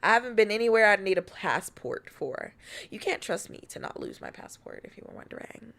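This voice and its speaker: An American VTuber streams and chats casually, playful, teasing and swearing freely. Her medium-pitched voice is very animated, brisk, creaky and a bit bright.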